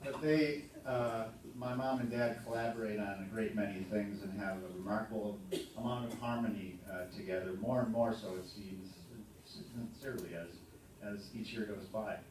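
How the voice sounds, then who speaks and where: A man in his fifties with a lowish voice tells dry, halting jokes with plenty of ums. He is heard from a distance in a very echoey hall. Room noise carries clearly behind him. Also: darkish tone. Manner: halting, dry humorous storytelling with many ums. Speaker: son giving a birthday tribute. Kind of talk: speech to a party audience. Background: room ambience and audience laughter.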